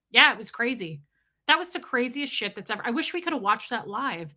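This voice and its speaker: A middle-aged woman streaming live, chatting to her viewers and telling a story with deadpan, animated quotes. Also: on the high side, normal speed. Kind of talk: casual storytelling to a live chat.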